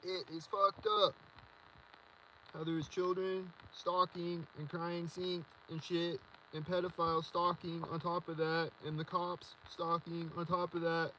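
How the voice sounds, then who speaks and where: A man's voice: fairly high pitch, little pitch movement, measured pace, few pauses, bright, forceful tone, slight background noise, poor audio. A man rambling in a solo video monologue, agitated and repetitive as he rants. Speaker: vlogger.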